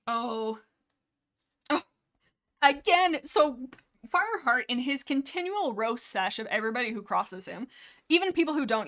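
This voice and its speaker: A woman's voice: fairly high pitch, a bit bright. A woman hosting a livestream, rambling casually about a book. She giggles often and cuts herself off mid-thought. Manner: giggly, rambling, self-interrupting. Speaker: livestream host.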